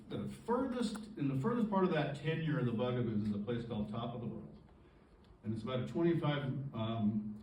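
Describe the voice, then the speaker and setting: A man presenting an award with a halting, emotional tribute speech, pausing to clear his throat as he gets choked up. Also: mid-range voice, darkish tone, a little hiss or hum. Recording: roomy distant recording with faint ambience.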